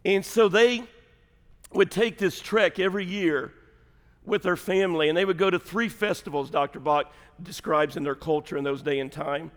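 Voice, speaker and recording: A man's voice: sits high, moderate pace, in a large hall. A middle-aged man, a pastor, telling a humorous family story in a chatty sermon, laughing often. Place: church sanctuary.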